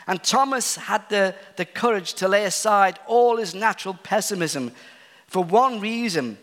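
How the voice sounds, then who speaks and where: A man preaching a sermon earnestly, moving between emphatic points and hushed, tender appeals, in a church hall. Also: high voice, animated, unhurried. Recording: long reverb of a large hall.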